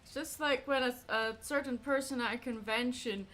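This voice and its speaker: A woman's voice: fairly high pitch, moderate pace, a bit bright. A young Scottish woman chatting casually while she draws on a livestream, talking about herself with a chatty, self-mocking humor and laughing often. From Scotland. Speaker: artist streamer. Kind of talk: casual chat while drawing on stream. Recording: faint music behind.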